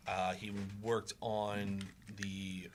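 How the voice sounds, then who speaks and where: A man helping run a comic convention, filling in details in a slightly halting casual chat. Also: lowish voice, level tone, a little hiss or hum.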